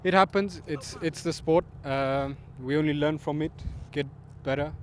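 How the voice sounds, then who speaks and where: A man's voice: a little high, moderate pace, noisy background. A man, a rally driver, giving easygoing and upbeat answers in an outdoor interview.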